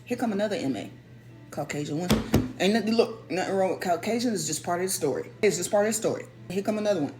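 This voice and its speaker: A woman telling a personal story in a casual, animated way, stressing and repeating her points. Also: medium pitch, quick pace, over loud music. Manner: animated, emphatic, repeats key phrases.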